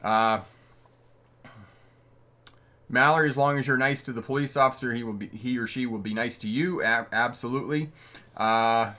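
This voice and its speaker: A man's voice: mid-range voice, normal speed, pauses often, bright, forceful tone. A middle-aged man from Canada hosting a live stream as a driving instructor, reading out viewer comments in a friendly, chatty way and chuckling often. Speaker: driving instructor and livestream host.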